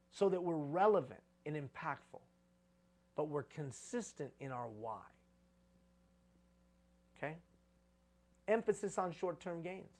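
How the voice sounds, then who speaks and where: A man giving a live conference talk on leadership, preaching with repeated phrases for emphasis. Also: a little high.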